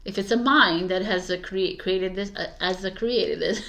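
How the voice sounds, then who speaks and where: A woman's voice: medium pitch, normal speed, fairly bright tone. A woman giving a casual tarot reading, chatty and emphatic, laughing often. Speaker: tarot reader.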